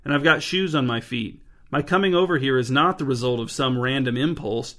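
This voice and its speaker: A man's voice: mid-range voice, brisk, a bit bright, lightly acted. A man reading an earnest, over-explaining neighbor. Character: awkward compulsive male neighbor.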